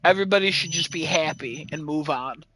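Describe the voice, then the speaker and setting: A man co-hosting a casual chat show, talking in a profane, animated rant. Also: a little high, fairly quick, background noise. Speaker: podcast co-host.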